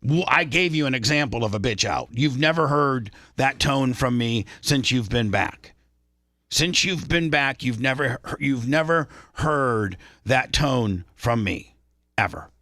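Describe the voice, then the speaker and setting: A man's voice: mid-range voice, animated, a little slow, pushed and bright, no room sound, clean studio sound. A male radio show host lecturing a co-host on air, defensive and full of restarts.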